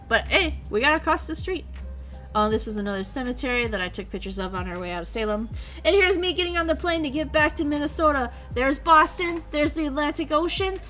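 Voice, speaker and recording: A woman's voice: sits high, animated, fairly quick, fairly bright tone, faint music behind. A young woman streamer chatting casually, rambling along and swearing freely. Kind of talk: casual chat.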